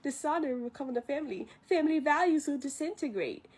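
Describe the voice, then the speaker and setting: A woman voicing a fussy, anxious male ancestor spirit who frets quickly. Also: sits high, expressive, a little mellow, pitched above the performer's own voice. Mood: fretful. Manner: rapid fretful worrying.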